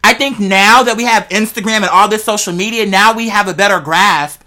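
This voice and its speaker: Talking straight to listeners, a podcast host rambles through wild theories in casual chat, animated, slangy and profane. The voice is mid-range and the delivery brisk.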